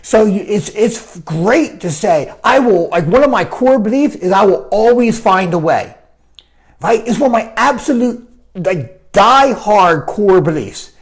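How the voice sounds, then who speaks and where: A man coaching his viewers in a loose, animated talk. His pitch rises and falls a lot as he makes his points. He keeps asking "right?" to check that the listener is with him. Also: unhurried. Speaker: life coach. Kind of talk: live coaching talk answering viewer comments.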